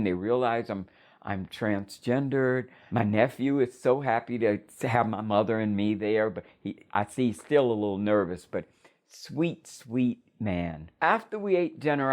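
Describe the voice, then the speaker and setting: An older woman recounting a personal story in a measured, reflective way. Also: rumbling low, darkish tone.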